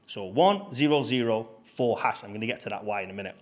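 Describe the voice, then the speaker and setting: A man's voice: mid-range voice, animated, fast, few pauses. A man, a YouTuber, telling a long story in a blunt, casual way, swearing and repeating himself, from an apartment. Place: apartment indoors.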